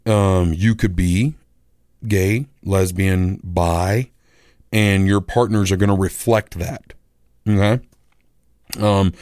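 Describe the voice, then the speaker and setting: A middle-aged man, a radio host and musician, telling a rambling story in a casual, animated way and acting out the voices of other people. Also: fairly low pitch, dry recording, studio quality.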